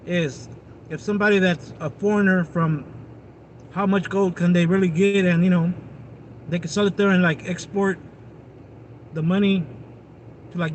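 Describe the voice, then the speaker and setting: A man with a notably high voice rambles through a casual livestream, talking straight to his viewers. He is outdoors, and faint vehicle noise hums in the background. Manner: rambling, chatty, addresses viewers directly. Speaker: live streamer.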